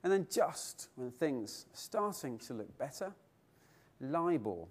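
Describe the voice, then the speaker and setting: Speaking slowly in a slightly high voice, a middle-aged keynote speaker addresses a conference hall. His stories carry lively swings in his voice, and he keeps putting rhetorical questions to the room.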